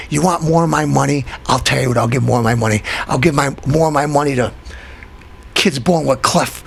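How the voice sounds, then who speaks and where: A man with a high, gravelly voice rants as host of his own show. He circles back over the same words again and again and then leaps into squeaky, indignant outbursts. The rasp and the fry stay under everything he says. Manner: ranting, repetitive, swings into high excited outbursts. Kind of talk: comic political rant.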